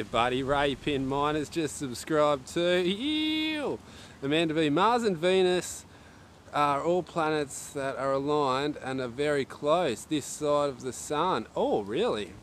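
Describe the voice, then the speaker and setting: A man's voice: medium pitch, a little hiss or hum. An Australian man chatting casually on a livestream, rambling and talking to himself and his viewers. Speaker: archery livestreamer.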